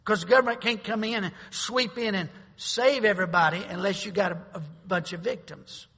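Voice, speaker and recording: A male pastor delivering a sermon with a high, gravelly voice and a husky edge. He preaches emphatically, pushing into loud declarations, and his words ring out with the long reverb of a church hall. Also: a little fast.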